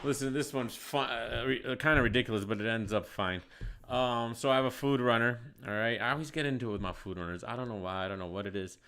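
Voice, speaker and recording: A man telling a story in casual podcast chat, animated and profane, getting loud when he acts out shouting. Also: mid-range voice, quick pace, clean tone. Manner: profane, slangy. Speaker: podcast host.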